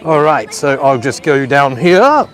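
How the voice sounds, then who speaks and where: A man's voice: mid-range voice, big pitch swings, measured pace, a bit bright, faint music behind. A man, giving rambling live walking-tour commentary at a beach resort and talking to viewers at home. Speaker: livestream vlogger. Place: outdoor beach resort pool area. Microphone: handheld phone camera.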